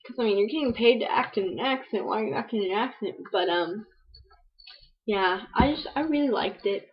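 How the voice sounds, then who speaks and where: Young female vlogger, rambling casual chat, muffled low-fi webcam mic, medium voice. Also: a little fast. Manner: chatty, rambling, full of "um" and "like". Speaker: book vlogger. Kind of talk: casual book review chat. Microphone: webcam microphone. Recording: dull lo-fi webcam audio.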